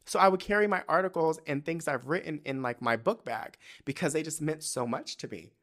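A man's voice: fairly high pitch, a little fast, fairly bright tone. A young man hosting a casual solo podcast, telling personal stories in a candid, profane and emotional way. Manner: candid, profane, emotional, often tearful and laughing. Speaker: podcast host.

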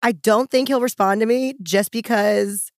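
Gravelly young woman, excitable storyteller. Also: a little high, normal speed, dry recording, studio quality. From New Orleans. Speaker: podcast guest. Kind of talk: casual chat.

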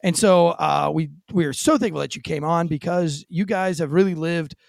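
A man's voice: on the high side, moderate pace, creaky, no room sound, studio quality. A man hosting a podcast interview, chatting casually and telling stories with quoted voices. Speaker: podcast host.

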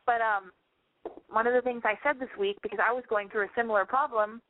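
A woman's voice: on the high side, fairly even intonation, a little fast, phone-quality sound. A woman hosting a call-in advice radio show, blunt and profane, ranting at callers and mimicking them in squeals.

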